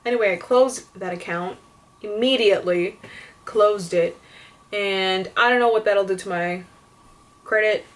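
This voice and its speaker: Recorded far from the mic, a medium-pitched young woman vents at the camera as a vlogger. Her casual rant is exasperated and profane, peppered with "like" as a filler.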